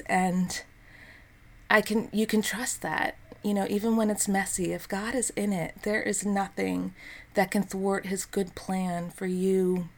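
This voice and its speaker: A woman in her thirties hosting an unscripted devotional podcast, talking in an earnest, encouraging way with soft fillers. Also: medium pitch, creaky. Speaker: podcast host.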